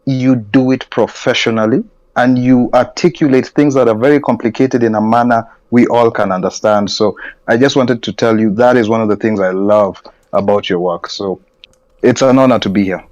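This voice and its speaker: Casting: measured male panelist, muffled dry line. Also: medium pitch, a little mellow, dry recording. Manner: measured, complimentary, joking. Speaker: panel guest. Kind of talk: casual podcast chat.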